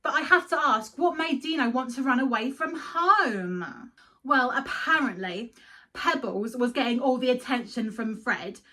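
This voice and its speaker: Chatty, giggly woman host, high bright voice, emotional cartoon commentary. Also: animated, unhurried. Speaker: video host. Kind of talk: casual cartoon review commentary.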